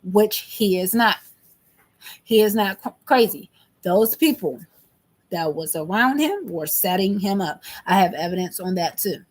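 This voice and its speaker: A woman's voice: medium pitch, lively intonation, a little slow. A woman in her thirties venting to camera in an emphatic, repetitive, agitated monologue. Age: 30s. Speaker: vlogger.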